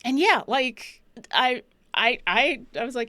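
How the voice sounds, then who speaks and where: A woman chatting casually about her tabletop role-playing game, animated and laughing often. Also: high voice, slow, dry recording. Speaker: player.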